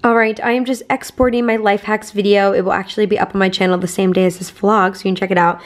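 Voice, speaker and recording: A woman's voice: medium pitch, steady tone, fast. A young woman in her twenties chatting casually to camera in a daily vlog, upbeat and talkative. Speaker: vlogger.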